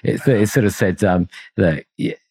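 Low husky-voiced middle-aged man. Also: moderate pace, darkish tone. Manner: reflective, rambling with fillers and chuckles. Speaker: consultancy founder, podcast guest. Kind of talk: conversational interview.

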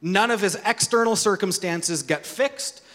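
A high-pitched male pastor delivers a sermon in an earnest, conversational way and poses rhetorical questions to his listeners. His voice carries a long reverb from a large hall. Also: measured pace, fairly bright tone.

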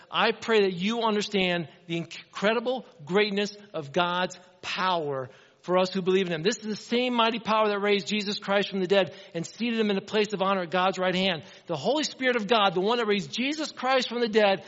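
Man, pastor, high voice, earnest sermon, asks questions, long hall reverb. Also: a bit bright, muffled recording. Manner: earnest, conversational preaching with rhetorical questions.

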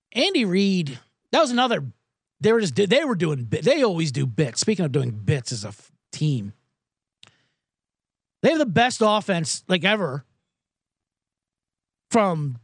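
Lively, high-voiced profane betting host. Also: male voice, dry recording, studio quality. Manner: profane, rambling, self-mocking. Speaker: sports betting podcast host. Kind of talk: casual sports betting talk on a live podcast. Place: small booth alone. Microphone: studio microphone.

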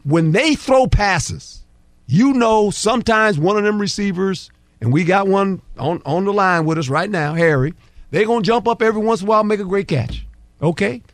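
A man with a high, lively voice breaks down football on a sports talk show, close and dry on the mic. He is emphatic and folksy and slips into quoted dialogue as players and coaches. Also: moderate pace, dry recording. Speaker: football analyst guest.

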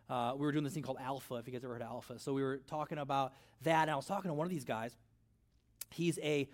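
A middle-aged man preaching a sermon in a church, conversational and animated, with storytelling asides. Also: mid-range voice. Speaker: pastor.

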